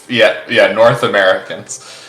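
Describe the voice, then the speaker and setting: A man's voice: fairly low pitch, steady tone, moderate pace, fairly bright tone. A man co-hosting a casual stream, talking in rambling, jokey stretches full of restarts. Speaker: stream co-host. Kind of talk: casual chat. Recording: echoey room with faint music.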